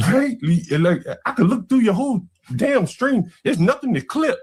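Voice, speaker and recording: A man's voice: lively intonation, moderate pace, hardly any pauses, darkish tone, slightly rough. A man on a live stream arguing heatedly and calling people out. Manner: confrontational, swings between high and low pitch. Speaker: stream guest.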